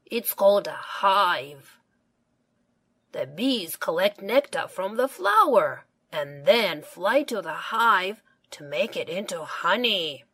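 A kindly old grandfather pig, as a woman reading a storybook puts him on, speaks gently and patiently. He explains things slowly, in a lower, calmer tone than the children. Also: slightly rough, exaggerated voice. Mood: gentle.

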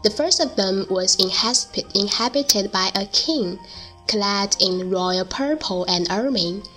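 A woman narrating a storybook in a slow, deliberate reading. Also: medium pitch, lively intonation, pushed and bright, soft background music, rough recording.

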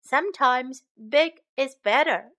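A woman voicing a big, good-natured female dinosaur in a storybook, with a gentle, plain delivery. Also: high-pitched, slow, exaggerated voice.

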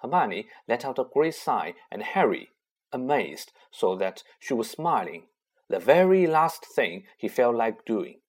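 A man narrating a children's fantasy novel aloud with expressive storytelling and a husky voice. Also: mid-range voice, measured pace. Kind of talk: audiobook reading.

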